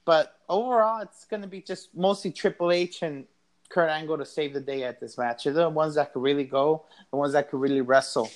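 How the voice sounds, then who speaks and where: Easygoing male co-host, slightly high pitch, hesitant and filler-heavy. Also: brisk. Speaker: podcast co-host. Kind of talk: casual chat.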